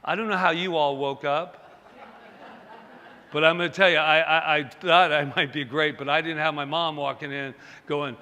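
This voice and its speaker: Bright-voiced male minister preaching. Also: fairly high pitch, fairly even intonation, normal speed, slight background noise. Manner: conversational and self-deprecating, talks straight to the congregation. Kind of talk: sermon. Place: church sanctuary. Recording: long hall reverb.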